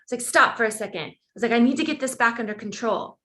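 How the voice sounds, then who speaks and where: A woman guest on a podcast, telling a personal story in conversation and acting out the quoted dialogue with big jumps in pitch. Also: fast, fairly bright tone.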